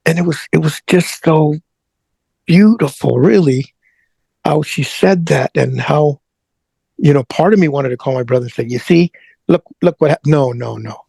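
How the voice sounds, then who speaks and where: A middle-aged man appearing as an interview guest haltingly tells an emotional personal story, stumbling over and repeating words and praying aloud as he retells it. His voice is gravelly and husky, warm in tone and a little high for a man. The sound is close and dry with no echo, but the audio is poor.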